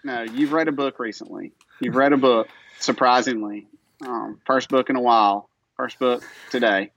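A man's voice: medium pitch, fairly even intonation, normal speed, gravelly, a bit bright, poor audio. A sleepy man co-hosting a casual podcast early in the morning, teasing dryly and using many fillers. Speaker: podcast co-host.

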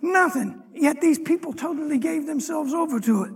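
A man deacon preaching a sermon, reading scripture and retelling it with animated, dramatic storytelling. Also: extremely high pitch, brisk, few pauses, in a large hall. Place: church hall.

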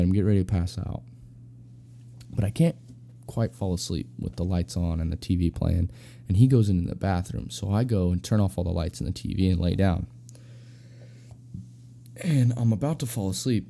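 A man's voice: deep voice, vocal fry, mellow, slight background noise. A young adult man casually telling a personal anecdote, rambling and slangy with lots of fillers. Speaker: storyteller.

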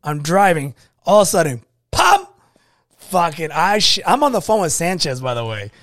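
A man co-hosting a casual podcast, swearing freely as he tells an animated story. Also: a little high, a little fast, no room sound, studio quality. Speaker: podcast co-host.

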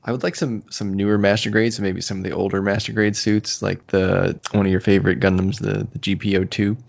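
A man with a low, gravelly voice chats casually as a podcast co-host, trailing into laughter and hesitant restarts. The recording sounds muffled and lo-fi. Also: flat delivery, fairly quick. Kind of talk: casual chat. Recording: muffled lo-fi audio.

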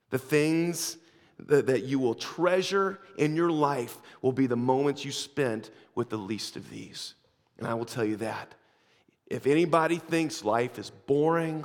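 A man preaching and telling stories, who swings from hushed, slow lines to fervent ones. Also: mid-range voice. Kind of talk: sermon with storytelling. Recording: long reverb of a large hall.

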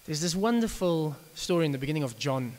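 A man with a fairly high, slightly mellow voice and lively intonation preaches an evening sermon, talking fast. His delivery is conversational, with frequent stammered restarts of his sentences. The hall is reverberant, with a faint hiss.

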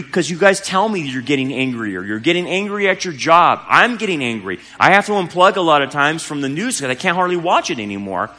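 A male pastor delivers a sermon in a conversational, earnest way, often restarting mid-sentence. His voice is bright and sits a little high, with lively swings in pitch. The sound carries a long church-hall reverb, with faint music underneath. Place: church sanctuary.

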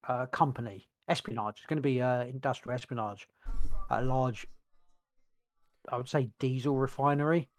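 A man co-hosting a podcast, rambling and searching for words with many restarts. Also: medium pitch. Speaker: podcast co-host. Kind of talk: casual chat.

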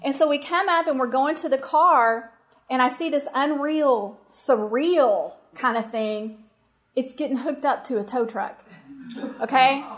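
Lady with a high voice, telling her audience a story, lively and emphatic. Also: a little slow. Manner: animated, emphatic, talks straight to listeners. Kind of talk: personal anecdote told to an audience.

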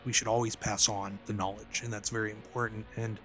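A man, an independent pro wrestler, telling backstage anecdotes in a casual interview, animated and laughing as he goes. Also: on the low side, fairly quick, soft background music.

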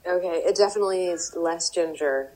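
A woman's voice: fairly low pitch, brisk, rough recording. A young woman, a professional baker, chatting casually with many fillers while tasting a cake. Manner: rambling, many fillers, lively.

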